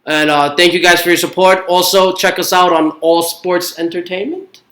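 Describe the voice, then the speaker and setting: A man with a Brooklyn accent co-hosting a casual podcast, sounding tired and low-key. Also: moderate pace, sharp tone. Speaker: podcast co-host. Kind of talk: casual chat. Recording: echoey room.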